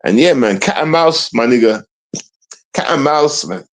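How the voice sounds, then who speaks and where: A man's voice: on the high side, expressive, a little slow, vocal fry, low-quality recording. Confrontational man ranting on a livestream. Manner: confrontational, repetitive, slangy, restarts often. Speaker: livestream host. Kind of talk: casual livestream rant.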